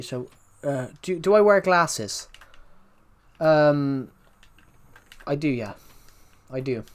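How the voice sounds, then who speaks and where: A man streaming a game live, talking to his chat in a rambling way and repeating himself as he answers viewers' questions. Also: fairly high pitch. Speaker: livestreamer.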